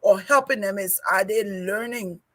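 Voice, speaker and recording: A woman's voice: medium pitch, normal speed, pushed and bright. A woman hosting a casual panel talk show, speaking earnestly and often repeating words while she gathers her thoughts.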